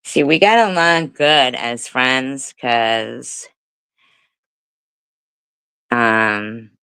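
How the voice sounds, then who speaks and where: Woman with a clear, bright voice. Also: extremely low pitch, drawn-out words, dry recording, rough recording. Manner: laughs often, swears casually, rambling. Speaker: livestream host. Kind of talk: casual storytelling chat. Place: home livestream.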